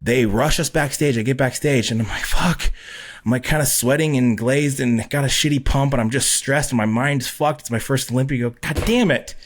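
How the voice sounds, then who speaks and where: A man guest on a podcast, telling a story casually, swearing a lot and acting out quotes loudly. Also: mid-range voice, a little fast, few pauses. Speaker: podcast guest, pro bodybuilder.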